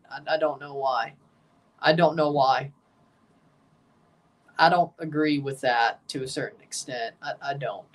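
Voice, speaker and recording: A man hosting a livestream watchalong, giving excitable play-by-play of a soccer match between chatty replies to his viewers. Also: a little high, recorded from a distance. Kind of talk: casual watchalong commentary.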